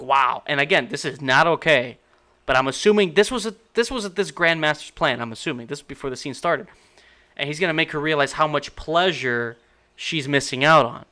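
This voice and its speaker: A man's voice: on the high side, bright, forceful tone. A man giving a casual, exasperated movie critique, rambling and incredulous with many restarts. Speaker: movie reviewer.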